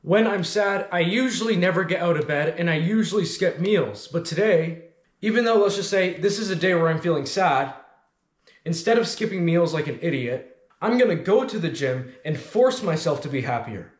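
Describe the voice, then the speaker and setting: A man's voice: high voice, lively intonation, normal speed, roomy sound. Blunt, commanding motivational man. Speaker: self-improvement channel host. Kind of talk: motivational talk to camera.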